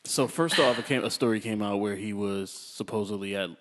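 Chill guy cohost, lowish voice, says yeah a lot, echoey reverb. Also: a little fast, noisy background. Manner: laid-back, frequent "yeah" and "yep" affirmations. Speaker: podcast co-host. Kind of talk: casual chat.

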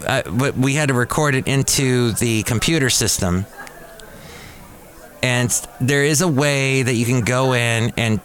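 A man's voice: medium pitch, a bit bright. A man hosting a podcast in a casual monologue who rambles and corrects himself aloud. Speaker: podcast host.

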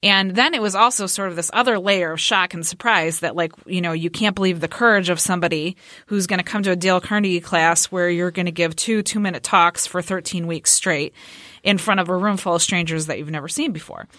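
A woman's voice: fairly low pitch, a little fast, sharp tone, no room sound, studio quality. A woman telling an emotional story in a casual podcast conversation, earnest and heartfelt.

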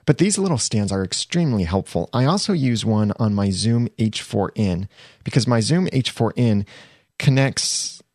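Host type: man, lowish voice, casual gear explainer, dry close sound. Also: a little mellow, no echo. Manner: chatty, self-correcting, slows down to stress items. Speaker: podcast host reviewing gear.

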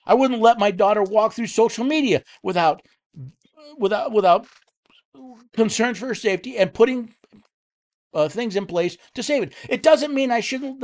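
A man hosting a political commentary show, speaking angrily and heatedly, with frequent restarts and repeated words. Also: high voice. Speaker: host.

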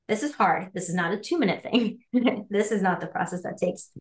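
A woman guest coach in an animated podcast interview, laughing often and acting out little quoted voices. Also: mid-range voice, normal speed. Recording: roomy echo.

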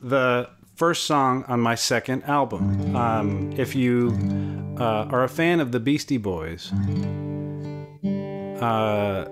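Laid-back musician guy, talks slow and halting, guitar playing behind him. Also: mid-range voice. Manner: halting, lots of fillers, easygoing. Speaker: musician guest. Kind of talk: casual chat.

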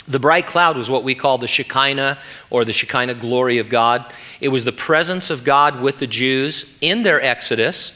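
A man's voice: mid-range voice, normal speed, pushed and bright. A middle-aged man who is a pastor, preaching an earnest, emphatic sermon.

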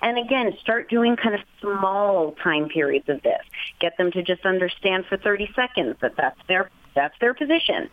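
A woman's voice: mid-range voice, dry recording. A chatty woman offers friendly, practical pet advice in an encouraging tone. Her voice comes through a tinny, narrow telephone line. The sound is dry, with no room around it. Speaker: pet expert guest. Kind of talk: casual advice on a phone interview.

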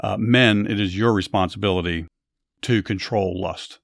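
A man hosting a podcast, telling Bible stories in a measured, earnest way and adding commentary. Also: lowish voice, gravelly, dry recording. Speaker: podcast host. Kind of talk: Bible story narration with commentary.

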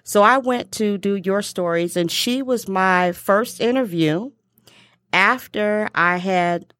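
An upbeat woman hosts a casual podcast conversation in a medium-pitched, fairly bright voice. She's emphatic and draws out her lists. The studio sound is clean with no echo.

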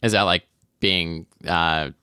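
A man's voice: low voice, fairly even intonation, takes it slowly, sharp tone, smooth, no room sound, studio quality. A man co-hosting a casual chat, tossing out jokey, offbeat guesses. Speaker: podcast co-host.

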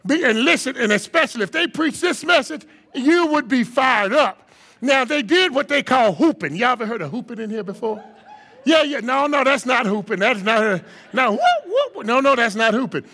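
A man preaching a sermon as a guest speaker, animated and theatrical, acting out the voices of scared disciples with sudden high shouts. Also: normal speed, creaky. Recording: long hall reverb.

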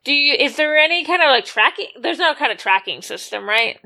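A woman's voice: high-pitched, animated, a little fast, gravelly, bright, forceful tone. A woman playing in a tabletop game who asks questions and thinks aloud about her next move. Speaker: tabletop player.

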